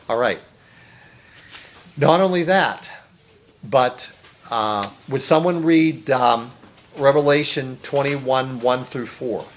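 A man's voice: medium pitch, slight background noise. A man preaching an earnest sermon, stressing phrases, repeating words and rising to exclamations. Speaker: pastor.

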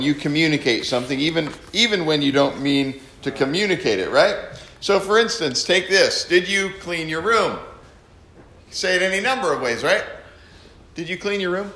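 Animated male preacher in an echoey hall. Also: on the high side, moderate pace, few pauses. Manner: animated, acts out readings in different tones. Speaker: pastor. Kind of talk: teaching sermon. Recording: echoey room.

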